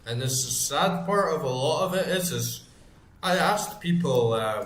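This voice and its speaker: A man's voice: a little high, lively intonation, unhurried, fairly bright tone, slight background noise. A man in his thirties, a gaming streamer, rambling and ranting in casual chat, full of fillers. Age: 30s. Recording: roomy echo.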